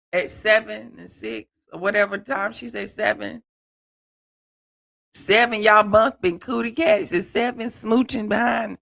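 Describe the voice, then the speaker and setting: Man, host, bright tone, casual live commentary, talks straight to viewers. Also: high-pitched, a little slow, gravelly. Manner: animated, laughing, talks to viewers as "y'all". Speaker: host reacting to reality TV clips.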